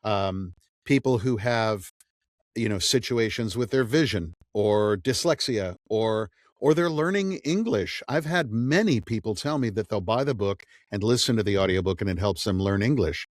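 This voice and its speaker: This is a middle-aged audiobook narrator in a relaxed interview, speaking at a moderate pace in a lowish voice. The studio-quality recording has no room sound. He tells stories with lively energy and performs the lines he quotes.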